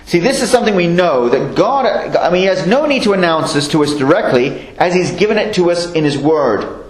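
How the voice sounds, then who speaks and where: Guy preaching, reads scripture slow then chats about it, bit of a high voice, echoey room. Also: animated. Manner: reads scripture slowly, then explains in chatty asides. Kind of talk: sermon.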